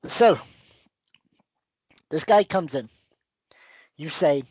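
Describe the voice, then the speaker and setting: Coaching man with a higher voice, dry sound. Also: lively intonation, a little slow, a little mellow, no room sound, poor audio. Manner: coaching, breaks things down step by step. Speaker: podcast host giving advice. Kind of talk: casual conversation.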